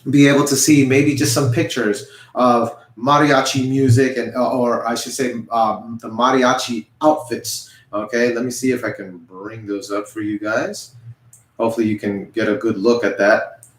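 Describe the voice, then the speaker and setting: A man's voice: mid-range voice, flat delivery, normal speed. A man teaching an online music lesson, patiently explaining and having learners repeat words after him, with a frequent "okay?". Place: indoors, showing pictures on screen. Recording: roomy echo.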